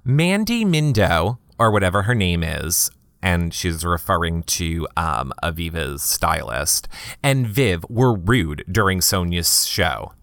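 A man hosting a comedy podcast, reading gossip blogs aloud in a campy, sarcastic way with quick asides to listeners. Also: sing-song, gravelly, a bit bright, dry recording, studio quality. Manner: campy, sarcastic, swoops into high mock voices.

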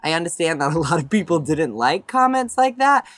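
Brief: sassy reality-show guest, very lively pitch, dry close sound. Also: male voice, brisk, dry recording. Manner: animated, sassy, laughs easily. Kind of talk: casual interview answers.

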